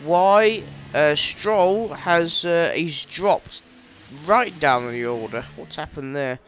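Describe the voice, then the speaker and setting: A man's voice: on the high side, slow pace, a bit bright, slight background noise. Rambling, jokey male gameplay commentator. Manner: rambling, self-correcting, jokey. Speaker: gaming video creator. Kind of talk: casual self-commentary over gameplay.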